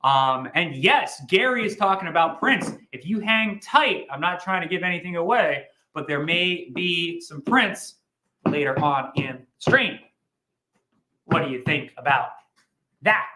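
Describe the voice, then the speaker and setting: A man hosting a livestream, pitching comic books in a chatty, rambling way with jokey asides. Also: expressive, a little slow, sharp tone, echoey room, poor audio. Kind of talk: casual sales pitch chat.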